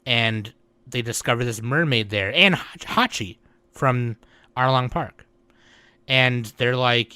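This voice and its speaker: A man's voice: medium pitch, lively intonation, a little slow, long pauses, sharp tone, no room sound. A man on a casual podcast, retelling scenes loosely with lots of swearing and acted-out quotes. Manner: loose, profane, acts out characters' lines. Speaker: podcast co-host.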